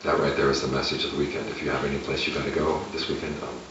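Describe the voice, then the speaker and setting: Very deep-voiced man giving a dharma talk. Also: very fast. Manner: relaxed, conversational, chuckles at his own asides. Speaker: meditation teacher. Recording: echoey room, distant mic, lo-fi with noise.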